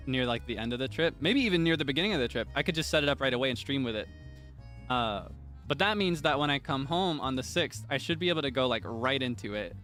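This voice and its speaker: A man's voice: medium pitch, a bit bright. A young man streaming, chatting casually and rambling with many fillers and restarts. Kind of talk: casual chat.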